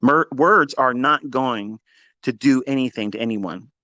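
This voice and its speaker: A man's voice: mid-range voice, measured pace, bright, forceful tone, dry recording, muffled recording. A man coaching traders in a blunt, profane motivational monologue. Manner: profane, emphatic, preachy. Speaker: trading coach.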